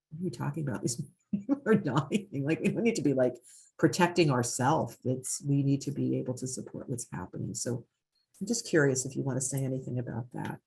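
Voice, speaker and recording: A woman's voice: a bass voice, creaky, darkish tone, husky. A woman who works in hospice, earnestly telling a story in a conversation, with many fillers. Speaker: hospice worker and host of conversation.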